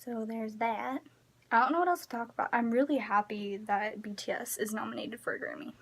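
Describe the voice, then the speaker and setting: Rambling woman ranting, fairly high voice. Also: a little fast, slightly rough. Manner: emphatic, rambling, drops to a near-whisper when trailing off. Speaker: vlogger. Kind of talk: casual rant to camera. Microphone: phone camera.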